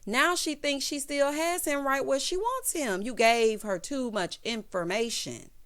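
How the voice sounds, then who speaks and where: A woman giving a sassy, animated recap of a TV episode, calling listeners honey and child. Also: high-pitched, unhurried. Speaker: TV recap host. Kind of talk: casual recap commentary.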